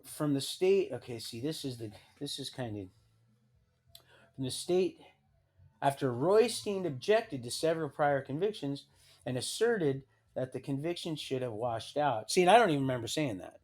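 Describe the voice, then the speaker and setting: Male streamer, mid-pitched, halting and rambling, reads documents aloud with dry asides. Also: lively intonation, a little mellow. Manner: halting, many restarts and trailing sentences. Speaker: livestream host. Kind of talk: rambling personal storytelling.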